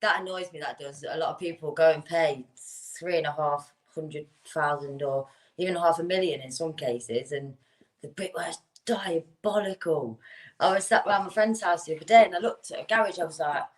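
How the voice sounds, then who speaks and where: A woman's voice: low voice, moderate pace. A woman who works as a bricklayer, a guest on a talk show, speaking bluntly and laughing as she tells stories. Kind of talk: casual chat.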